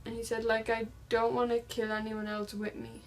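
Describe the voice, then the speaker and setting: A woman's voice: on the high side, monotone, normal speed, slight background noise, poor audio. A young woman vlogger casually retelling a true-crime story, reading text messages aloud with lots of "like" fillers.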